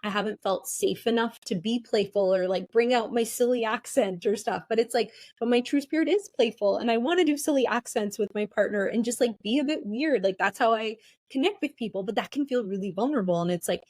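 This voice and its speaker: A woman's voice: on the high side, a little fast, darkish tone, dry recording. A woman guest who runs play sessions, talking in an earnest, reflective way with many casual fillers. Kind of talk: casual conversation.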